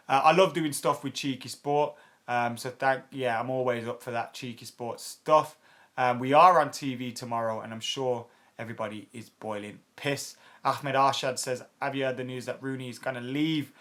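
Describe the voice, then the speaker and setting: A man's voice: mid-range voice, fairly bright tone. Blunt, chatty man in his twenties. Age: 20s. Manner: chatty and blunt, many fillers, swears freely. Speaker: football fan channel host. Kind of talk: casual live chat answering viewer comments.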